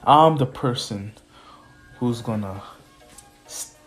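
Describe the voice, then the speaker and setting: A man voicing a mysterious male attacker in a fan-made story, speaking in a low, threatening way. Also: slow, faint music behind, close to an everyday voice. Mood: menacing.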